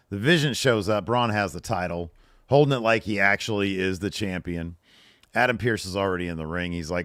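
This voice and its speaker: A man's voice: deep voice, dry recording, clean studio sound. A man co-hosting a podcast, casually recapping a wrestling show and quoting lines with a raised voice. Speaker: podcast co-host.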